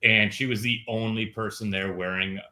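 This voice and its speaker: A man's voice: fairly low pitch, steady tone, normal speed, sharp tone. A man joining a casual panel chat on a video call, telling laid-back anecdotes. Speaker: panel guest.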